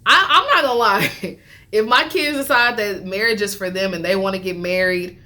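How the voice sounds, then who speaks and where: A woman chatting casually as she recaps a reality show, animated, laughing often and talking with lots of fillers. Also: medium pitch, normal speed.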